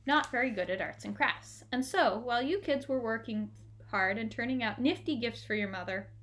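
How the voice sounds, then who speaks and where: A woman's voice: fairly high pitch, moderate pace, a bit bright, natural voice. A woman playing a solemn, apologetic dad. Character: middle-aged father, earnest and solemn.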